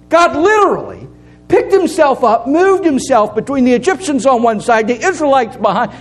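High-voiced male pastor preaching. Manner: preaching, rising to a raised voice in appeals. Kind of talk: sermon.

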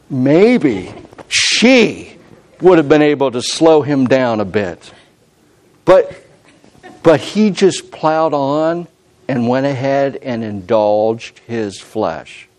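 Man, pastor, sermon, middle pitch, conversational preaching, restarts and self-corrections. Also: lively intonation, drawn-out words, long pauses. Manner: climbs loud and high when quoting God's voice.

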